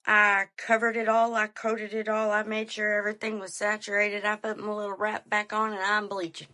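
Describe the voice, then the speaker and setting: Bright-voiced chatty woman. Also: mid-range voice, moderate pace. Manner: animated, chatty, addresses listeners as y'all. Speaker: podcast host. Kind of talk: casual storytelling monologue.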